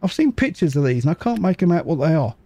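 Chatty man with lively pitch. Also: no room sound. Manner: chatty, muttering to himself, quick jokes. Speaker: gaming channel host. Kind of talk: casual let's-play commentary.

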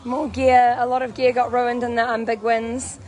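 A young woman with a New Zealand accent and a hoarse voice, chatting bubbly and casually as she vlogs on a phone at an outdoor protest camp. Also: fairly high pitch, little pitch movement, moderate pace, darkish tone. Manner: bubbly, chatty, laughs often. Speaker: vlogger. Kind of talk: casual walking vlog. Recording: crowd chanting and music behind.

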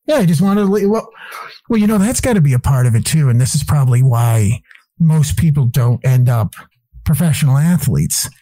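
A man talks as a podcast guest in loose, rambling, profanity-laced stories, laughing as he goes. His voice is dark and mellow. The sound is dry and close, with little room in it. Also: fairly high pitch, no room sound. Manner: excitable, quick to laugh. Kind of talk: casual chat.

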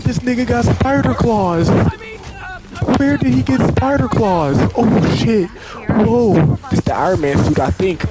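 A young man streaming a video game, reacting with loud excited exclamations and profane trash talk at the enemies. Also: high-pitched, very noisy. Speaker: gaming streamer. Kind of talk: live gameplay commentary. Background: loud game music.

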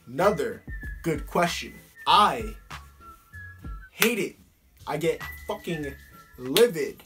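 A man's voice: on the high side, expressive, takes it slowly, pauses often, a bit bright, faint music behind. A teenage boy answering fan questions in a casual vlog, talking bluntly with plenty of swearing and fillers.

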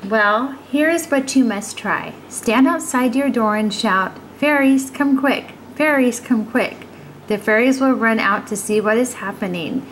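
Woman doing a calm village wise woman. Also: fairly high pitch, measured pace, slight background noise, lightly acted, low-quality recording. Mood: advising. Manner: calm, advising.

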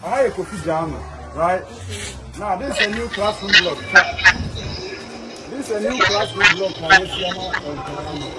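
A man with a Ghanaian accent giving a casual, halting walking tour to camera, pointing things out and repeating himself. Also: high voice, lively intonation, loud music behind the voice. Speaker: vlogger touring a school.

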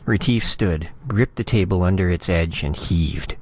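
A man narrating a science fiction story in a steady, measured reading. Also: deep voice. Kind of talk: scripted audiobook narration.

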